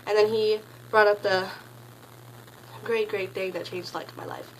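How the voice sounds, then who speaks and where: A teenage girl telling a story in a casual vlog, gushing and rambling, packing her sentences with "like" and jumping into excited high squeals. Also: measured pace, slight background noise, rough recording. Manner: gushing, rambling, heavy use of "like"; bursts into high excited squeals when quoting. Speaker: concert fan recounting a meet and greet.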